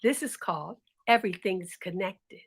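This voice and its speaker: A woman storyteller telling folk tales in an expressive, animated, sing-song way. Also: mid-range voice, moderate pace, slightly rough. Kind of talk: storytelling for listeners.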